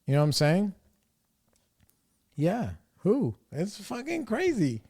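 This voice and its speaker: A young man with a fairly high voice hosts a podcast and tells a story in loose, casual chat. He swears freely and acts out the people in his story with exasperated energy. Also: slow pace, vocal fry, slightly rough. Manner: profane, animated, exasperated retelling. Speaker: podcast host.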